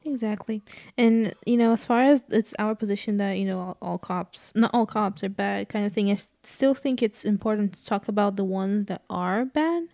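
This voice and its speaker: Gravelly-voiced woman chatting thoughtfully. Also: mid-range voice, moderate pace, mellow, dry recording. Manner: thoughtful, many fillers, searching for words. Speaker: podcast co-host. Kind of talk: casual chat.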